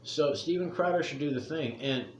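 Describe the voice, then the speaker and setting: A man's voice: on the high side, normal speed, slight background noise. A middle-aged man giving a casual opinion rant as a vlogger, talking bluntly and profanely and rambling from point to point. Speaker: commentary vlogger. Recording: echoey room.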